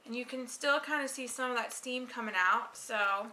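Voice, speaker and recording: Bright-voiced woman teaching home baking. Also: on the high side, normal speed. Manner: patient step-by-step instructions, coaching a child. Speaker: home baking vlog host. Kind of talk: casual baking demonstration. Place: home kitchen.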